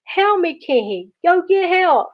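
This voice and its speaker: A woman's voice: extremely high pitch, very animated, unhurried, pitched above the performer's own voice, heavily acted. A woman voicing a panicked boy stuck to a frozen mirror, wailing and pleading for help. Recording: dull lo-fi recording.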